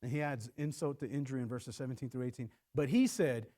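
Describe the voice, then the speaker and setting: A pastor preaches an animated sermon, acting out voices and stumbling over repeated words as he begins each thought. His voice is a little high and a little fast, with hardly any pauses.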